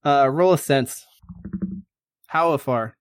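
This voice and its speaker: A man's voice: fairly high pitch, slow pace, clear, resonant tone, no room sound. A man narrates as game master of a tabletop game in a loose, casual way. He swears freely and fills his talk with ums and uhs. The recording is close and dry.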